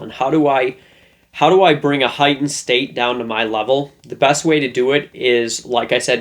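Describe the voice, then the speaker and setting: A man hosting a relationship advice lesson, talking loosely and conversationally. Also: medium pitch. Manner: loose, conversational, with fillers and restarts. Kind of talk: casual talking-head lesson.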